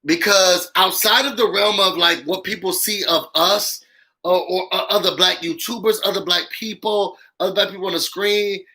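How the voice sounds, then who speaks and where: A man's voice: sits high, moderate pace, rough recording. A man hosting a casual live-stream show, talking straight to viewers with lots of fillers. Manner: animated, talks straight to viewers, heavy "y'all" and "um" fillers. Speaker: YouTube show host. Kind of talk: casual live-stream commentary with call-ins.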